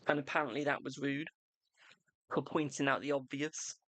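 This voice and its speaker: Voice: mid-range voice, steady tone, normal speed, a bit bright, no room sound. A young adult tarot reader chatting bluntly and casually on a live stream. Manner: blunt, chatty, self-deprecating.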